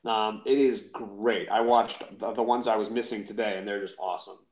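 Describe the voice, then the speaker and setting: A man's voice: lowish voice, fairly even intonation, moderate pace, darkish tone. A man co-hosting a live comic auction, chatting in a joking, rambling, self-deprecating way. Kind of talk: casual live-stream chat. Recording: roomy echo.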